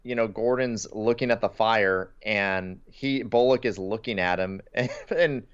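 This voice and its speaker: A man's voice: on the low side, measured pace, clean tone. A man co-hosting a casual podcast, retelling cartoon scenes and quoting lines with little laughs. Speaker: podcast co-host. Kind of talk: casual chat. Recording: slightly dull lo-fi podcast audio.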